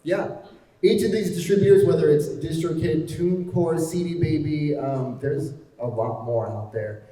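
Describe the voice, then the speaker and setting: A man's voice: on the high side, normal speed, warm tone. A man presenting at a convention panel, talking in an enthusiastic, explanatory way. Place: large convention hall. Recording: echoey hall from far off.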